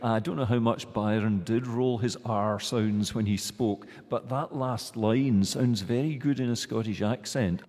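A man's voice: fairly low pitch, fairly even intonation, unhurried, few pauses, a little mellow. A male academic speaking on a panel, hesitant and full of restarts. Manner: hesitant, many restarts and fillers. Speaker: guest academic. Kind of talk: panel discussion. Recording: long hall reverb.

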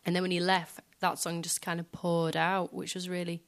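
A woman musician speaking softly and hesitantly in a reflective interview in front of a live audience, filling pauses with small filler phrases. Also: on the low side, flat delivery. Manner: soft, hesitant, many fillers. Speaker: guest musician.

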